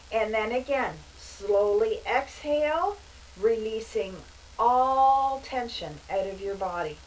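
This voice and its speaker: Woman, meditation guide, unhurried soothing delivery, somewhat high voice, set back from the mic with faint noise. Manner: slow, calm, soothing delivery with casual asides. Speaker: meditation instructor. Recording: voice from a distance, faint background noise.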